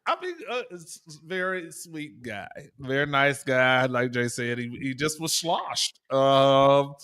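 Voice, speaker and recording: A man co-hosting a podcast, telling an anecdote in an easygoing way. He slips into the lines he quotes as he goes. His pitch stays in an ordinary middle range. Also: slow, fairly bright tone, smooth. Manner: laid-back storyteller, acts out quoted lines. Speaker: podcast co-host. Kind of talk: casual chat, storytelling.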